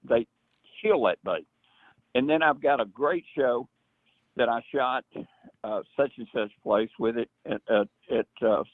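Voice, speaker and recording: An older man tells a long story with plenty of life, dropping into a high, excited voice when he imitates an old friend. His voice comes through a narrow, tinny, phone-like channel with no room echo. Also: creaky. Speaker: guest. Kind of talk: storytelling in casual chat. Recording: dry tinny phone-like line.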